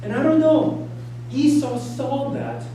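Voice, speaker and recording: A man's voice: extremely high pitch, slow pace, dark tone, a little hiss or hum. A middle-aged man preaching a sermon as pastor, telling stories about his family, acting out what they say and laughing often. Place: church sanctuary. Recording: echoey hall from far off, faint ambience.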